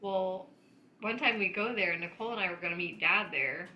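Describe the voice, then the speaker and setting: A woman's voice: medium pitch, fairly quick, pushed and bright, highs cut off. A woman co-hosting a podcast, telling family stories in a casual, chatty way and laughing easily. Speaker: podcast co-host. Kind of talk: casual storytelling chat. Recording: echoey room with faint noise.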